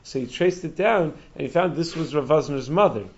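A man telling stories in a Torah talk, animated, chuckling and often restarting his sentences. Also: fairly high pitch, brisk. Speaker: speaker giving a Torah talk. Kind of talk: storytelling talk. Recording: dull lo-fi recording.

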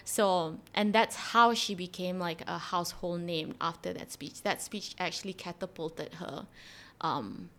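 A woman's voice: on the low side, measured pace, a bit bright, a little hiss or hum. A woman co-hosting a podcast, chatting casually and animatedly retelling a story with lots of fillers. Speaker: podcast co-host. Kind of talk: casual conversational explanation.

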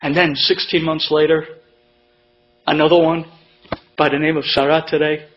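A man telling an inspirational personal story, pausing for effect and acting out what others said. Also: a little high, level tone. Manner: emotional, dramatic pauses, acts out quotes. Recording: dull lo-fi with mains hum.

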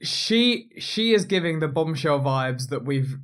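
A woman's voice: low voice, lively intonation, a little slow. A woman co-hosting a casual podcast, dropping short, dry, emphatic comments about a reality show. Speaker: podcast co-host.

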